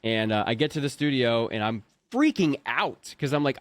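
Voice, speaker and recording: A man's voice: medium pitch, expressive, normal speed, dry recording. A man in his thirties, a voice actor, telling a story in casual chat and acting out his own panicked thoughts. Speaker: voice actor guest.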